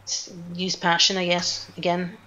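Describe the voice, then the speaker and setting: A woman's voice: on the low side, monotone, measured pace, pushed and bright, slight background noise. A woman narrating a tabletop game as game master, talking hesitantly with restarts.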